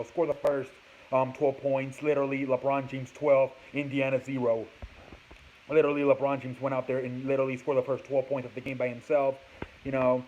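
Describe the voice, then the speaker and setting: A man hosting a casual sports show, rambling through his opinions with repetitions and cursing, recorded indoors on a laptop or phone. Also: mid-range voice. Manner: rambling, swears, repeats himself. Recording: dull lo-fi home recording with faint background noise.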